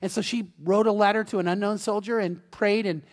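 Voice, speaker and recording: A man with a high voice delivers a lively sermon, stumbling over repeated starts as he talks to his congregation. His voice rings with the long reverb of a church hall. He sounds unscripted and chatty. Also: fairly quick. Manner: animated, conversational preaching with repeated restarts. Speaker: pastor. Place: church sanctuary.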